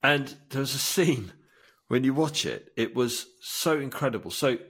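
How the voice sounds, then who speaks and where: Animated man retelling a film. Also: mid-range voice, moderate pace, breathy edge. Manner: enthusiastic storytelling, acts out film lines. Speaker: podcast co-host. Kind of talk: casual chat.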